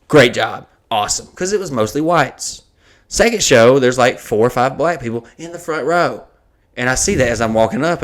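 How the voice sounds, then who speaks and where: A man, a comedian and podcast host, telling a profane, animated story in casual chat. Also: medium pitch, normal speed.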